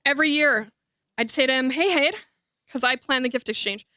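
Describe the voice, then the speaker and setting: A woman's voice: sits high, fairly quick, sharp tone, smooth, dry recording, studio quality. A woman speaking as a sister at a memorial, heartfelt and tearful. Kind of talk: memorial speech. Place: memorial hall.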